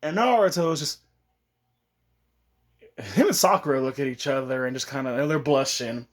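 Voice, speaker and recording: A man's voice: medium pitch, normal speed. A man casually telling a fan-fiction story, chatty, often laughing and coughing. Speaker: YouTube storyteller.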